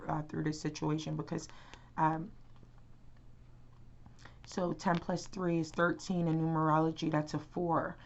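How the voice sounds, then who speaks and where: Young woman, tarot vlogger, deep register, loose filler-heavy delivery, muffled home audio. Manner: rambling, many fillers and restarts. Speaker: tarot reader. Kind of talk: casual tarot reading to camera.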